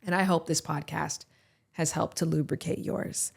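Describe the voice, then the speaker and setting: A woman's voice: deep voice, fairly even intonation, moderate pace, creaky, slightly rough. A woman hosting a podcast, talking candidly and reflectively to her listeners. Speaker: podcast host. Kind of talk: solo podcast talk reading listener reviews.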